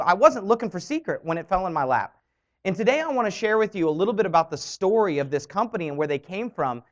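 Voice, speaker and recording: A young man speaks to an audience in a bright, high voice that leaps up and down with each point he makes. He talks in a motivational style and slips into quick little impressions of other people. The recording sounds dull and lo-fi. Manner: animated, acts out quoted voices. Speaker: network marketing speaker.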